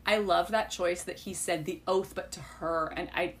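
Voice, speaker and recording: A woman co-hosting a casual book-club podcast, gushing and excitable as she talks through favorite moments. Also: fairly low pitch, normal speed, crowd noise. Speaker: podcast co-host.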